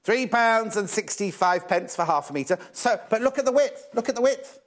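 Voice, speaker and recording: A man's voice: high voice, expressive, normal speed. A man presenting fabrics live on a shopping channel, chatty and teasing, often repeating prices and stock levels.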